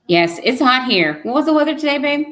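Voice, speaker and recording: A woman's voice: sits high, lively intonation, brisk, a bit bright. A young woman, hosting a casual live chat and teasing her viewers with lots of laughter. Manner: playful, teasing, laughs often. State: pregnant. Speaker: livestream host reading chat.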